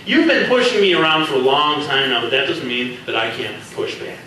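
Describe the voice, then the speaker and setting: A man's voice: mid-range voice, very animated, brisk, sharp tone. A man voicing a defiant young woman who talks back with force, recorded from far off in an echoey room.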